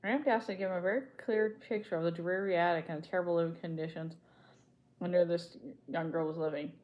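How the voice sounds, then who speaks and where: A woman reading a children's classic aloud as an audiobook narrator, in a steady, clear manner. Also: lowish voice, quick pace, lo-fi sound. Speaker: audiobook reader. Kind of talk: storybook reading.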